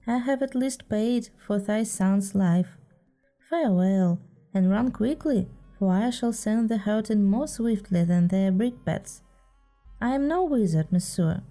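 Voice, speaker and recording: A proud, scornful boy raised by wolves, read by a woman who raises her voice a touch. Slow, warm delivery in a storybook style, with faint music under it. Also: medium pitch, natural voice.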